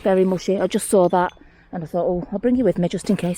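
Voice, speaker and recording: A woman chats her way across an outdoor hillside. She talks half to herself and half to the viewer, and she gets easily excited over little things she spots. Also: fairly low pitch, fast. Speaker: mudlarking vlogger. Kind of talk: casual running commentary while searching. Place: outdoors on a hillside rubbish tip.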